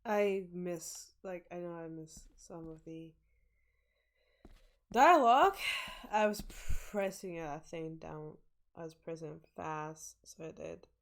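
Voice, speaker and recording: A woman's voice: fairly low pitch, takes it slowly. A woman streamer giving casual, chatty commentary while playing a story game. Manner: relaxed, chatty asides.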